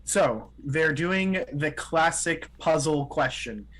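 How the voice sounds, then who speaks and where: A man's voice: on the high side, expressive, takes it slowly, fairly bright tone, low-quality recording. A man co-hosting a casual podcast, earnest and explanatory as he tells a story at length. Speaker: podcast co-host. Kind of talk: casual chat.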